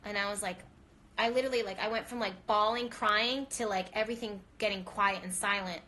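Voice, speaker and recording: A woman's voice: medium pitch, fairly even intonation, a little fast, sharp tone. A woman hosting a live stream, talking tearfully and earnestly, rambling with many restarts as she cries. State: teary, voice shaking from crying. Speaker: spiritual reader and live-stream host. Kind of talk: emotional live-stream monologue.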